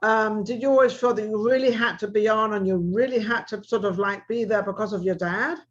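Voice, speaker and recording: A woman's voice: medium pitch, fairly quick. A woman hosting an interview, laughing often and asking eager questions. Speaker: interview host. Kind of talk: casual chat. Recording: dull lo-fi sound.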